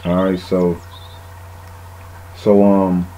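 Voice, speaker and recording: A man's voice: low-pitched, monotone, very slow, dark tone, slight background noise, poor audio. A man giving a casual, rambling bible teaching, often saying "man" and using fillers.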